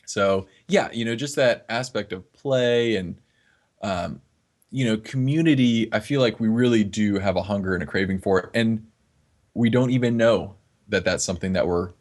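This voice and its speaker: A man's voice: on the low side, normal speed, darkish tone. A man from northeast Florida, a fitness trainer talking earnestly as a podcast guest, often restarting his words. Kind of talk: casual podcast conversation.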